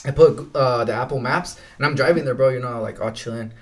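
A young man casually telling stories on a podcast, in a middle-pitched voice. His delivery is laid-back and full of swearing and "bro," and he laughs through his own stories. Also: fairly quick. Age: young adult. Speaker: podcast co-host. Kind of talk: casual storytelling chat.

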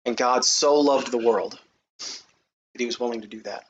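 A man's voice: moderate pace, pauses often. Lo-fi recording of a male preacher. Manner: rises to loud, high reading of scripture, then talks casually. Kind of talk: sermon. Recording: dull, lo-fi recording with faint noise.

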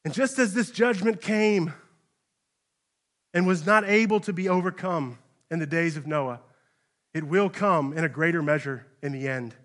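A man, a pastor, preaching a sermon in a church, speaking straight to his listeners with rhetorical questions and swinging between hushed, grave passages and raised, urgent ones. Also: a little high, normal speed, long pauses.

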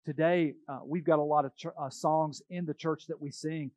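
A man's voice: a little high, steady tone, moderate pace, a little mellow, dry recording. A man preaching a sermon as pastor, in a conversational storytelling manner.

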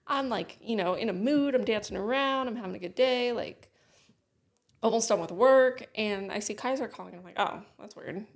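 A woman's voice: fairly high pitch, a little fast. A woman co-hosting a podcast, telling a personal story in blunt casual chat with lots of swearing. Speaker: podcast co-host.

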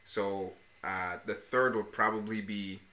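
A man co-hosting a podcast in relaxed casual chat, often calling his partner "man". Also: lowish voice, unhurried. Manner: laid-back, says "man" often. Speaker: podcast co-host. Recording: roomy echo.

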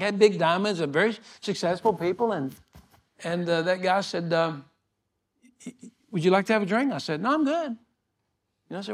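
Folksy older male pastor, fairly high voice. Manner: folksy, repetitive, chuckling storyteller. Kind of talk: sermon with storytelling.

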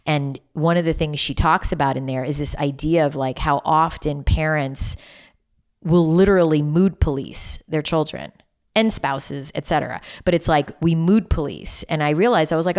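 A woman's voice: low-pitched, normal speed. A middle-aged woman, a podcast guest, chatting casually and acting out conversations as she tells stories. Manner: animated storyteller, acts out dialogue. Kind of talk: casual interview chat.

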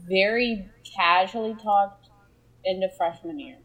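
A woman's voice: mid-range voice, unhurried, over a noisy crowd, low-quality recording. Understated woman among friends. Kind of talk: casual group chat.

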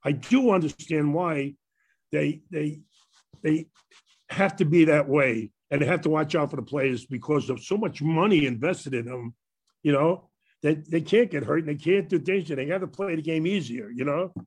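A man's voice: fairly high pitch, moderate pace, a little mellow, breathy edge. An older man with a Brooklyn accent telling rambling stories about his past, laughing at his own tales. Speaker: former ballplayer telling stories. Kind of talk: casual storytelling on a panel.

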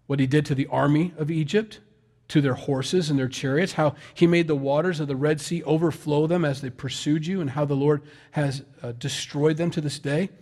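A man's voice: a little high, steady tone, moderate pace, darkish tone. A man preaching a sermon in a conversational, folksy way, with self-deprecating asides. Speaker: pastor.

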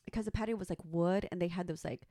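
A woman in her thirties telling a story in casual chat, animated and profane, acting out the quotes. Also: on the low side, quick pace, no echo, studio quality. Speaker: podcast co-host.

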